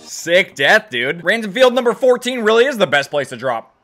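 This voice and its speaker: Excitable, high-voiced gamer man. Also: moderate pace, faint music behind. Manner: excitable, swears a lot, self-mocking. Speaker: gaming YouTuber. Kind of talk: live gameplay commentary. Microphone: desk condenser microphone.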